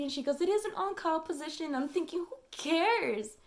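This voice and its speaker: A woman's voice: very high-pitched, expressive, moderate pace, few pauses. A young woman vlogging, venting in a casual, emotional way, with fillers and swearing.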